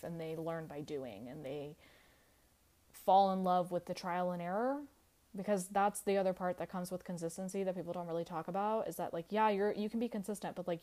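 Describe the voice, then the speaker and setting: A podcast host speaks in a fairly low, mellow female voice. Her monologue is casual and candid, packed with "like," with free swearing and easy laughter.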